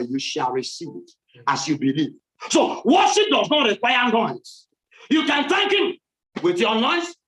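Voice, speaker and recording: Fervent high-voiced Nigerian preacher man. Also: rough recording. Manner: fervent preaching, often shouting, repetitive cadences. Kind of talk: sermon. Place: church.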